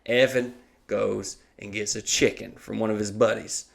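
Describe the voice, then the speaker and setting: A co-host on a comedy podcast tells a funny story in an animated way, swearing a lot and acting out the voices of the people in it. His voice is lowish with vocal fry, at a normal speed.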